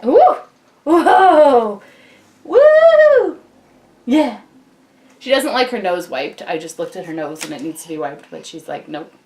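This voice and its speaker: Chatty young mom with a lowish voice. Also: female voice, expressive, brisk, few pauses. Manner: chatty, many ums and likes, breaks off to talk to baby. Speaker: vlogger, mother. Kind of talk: casual chat to camera. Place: home, indoors. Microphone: camcorder on a tripod.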